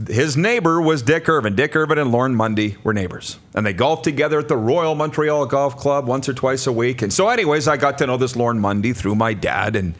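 A Canadian man and sports broadcaster swapping stories in a casual chat, excitable and quick to laugh. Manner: excitable, quick to laugh, jumps up high in pitch.

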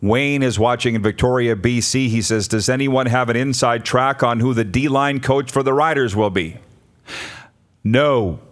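A man hosts a sports radio talk show in a loose, chatty way, throwing out rhetorical questions. His voice sits at a middling pitch and he talks straight into a studio mic. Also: measured pace. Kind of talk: casual sports radio chat.

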